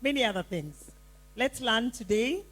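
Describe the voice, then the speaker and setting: A woman's voice: a little high, animated, a little slow, a bit bright, a little hiss or hum, poor audio. A woman introducing herself as a poet and judge in a casual, friendly way. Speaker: poetry judge. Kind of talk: self-introduction at an event.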